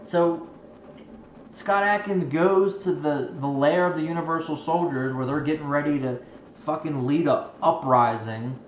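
A man rants about a movie in a profane, rambling review, exasperated and swearing constantly. His voice is on the high side and a little slow, with slight hiss or hum. The room is echoey with faint ambience.

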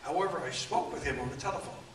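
Rambling man in his eighties, echoey room. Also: a little high. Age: 80s. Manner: rambling anecdotes, halting with frequent fillers. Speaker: author and guest. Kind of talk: storytelling at a book event. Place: event room. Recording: echoey room, distant mic, faint room noise.

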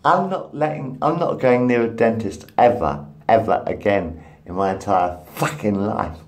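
A man in his fifties rambling in a profane solo monologue, swinging between muttered asides and loud outbursts. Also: fairly low pitch, normal speed. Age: 50s.

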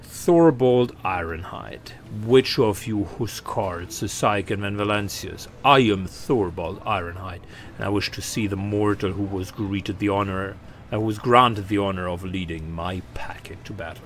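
A man voicing a gruff, boastful space wolf warrior leader in a video game, declaiming loudly and slowly. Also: fairly low pitch, slight background noise, lightly acted. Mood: proud. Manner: loud, slow, proud declaiming.

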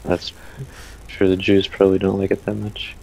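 A man's voice: deep voice, completely flat delivery, moderate pace, creaky, mellow, poor audio. A young man playing a game with a friend, answering with dry sarcastic remarks. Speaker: co-player. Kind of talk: casual gameplay chat.

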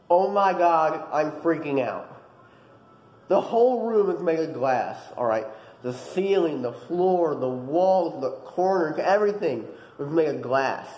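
A young man vlogging, telling a dream story in a casual, animated way with lots of fillers. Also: fairly high pitch, echoey room, rough recording. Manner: animated, dramatic retelling with many fillers.

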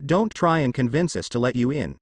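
A man's voice: medium pitch, sing-song, brisk, slightly rough, dry recording. A man voicing a scornful ninja commander. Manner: scornful, snapping. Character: stern, hostile male ninja commander.

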